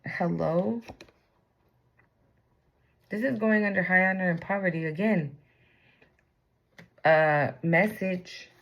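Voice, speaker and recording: A woman's voice: lowish voice, slow, creaky, long pauses, muffled recording. A woman giving a casual tarot reading, blunt and profane, full of slang. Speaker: tarot reader.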